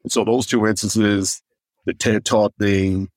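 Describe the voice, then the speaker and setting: Comedian guy from michigan, real low voice, dry close mic, acts out the other people in his stories. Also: measured pace, no room sound. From Michigan, USA. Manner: animated anecdotes, acting out others' lines; deaf in one ear. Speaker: stand-up comedian, guest. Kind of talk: storytelling in a podcast interview.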